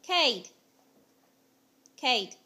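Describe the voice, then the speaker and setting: A young mother at home on a home video, gently coaxing her toddler with repeated simple questions. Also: high-pitched, sing-song, very slow, husky.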